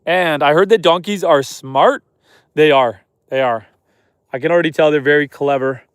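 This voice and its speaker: A man from Canada, a homesteader livestreaming outdoors at night, reading viewer comments aloud and chatting back in a relaxed way. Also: on the high side, moderate pace, clean tone, no echo, clean studio sound. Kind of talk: casual live stream chat.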